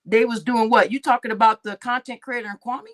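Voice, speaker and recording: A woman's voice: fairly high pitch, fairly even intonation, a little fast. A woman hosting a livestream, ranting angrily and with lots of profanity, repeating herself. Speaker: livestream host. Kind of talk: heated livestream rant.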